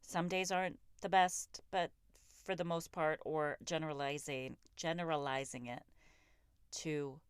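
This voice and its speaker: A woman's voice: sits low, fairly even intonation, unhurried, clear, resonant tone, no echo, studio quality. A woman in her thirties hosting a solo podcast, talking in a raw, profane, emphatic and self-reflective way. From raised in a Pakistani immigrant family. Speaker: podcast host. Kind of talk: candid solo podcast monologue.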